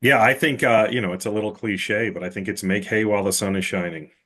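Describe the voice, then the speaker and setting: A man being interviewed as a construction operations manager, answering in a measured, agreeable way. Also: lowish voice, steady tone, pushed and bright. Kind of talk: casual interview chat.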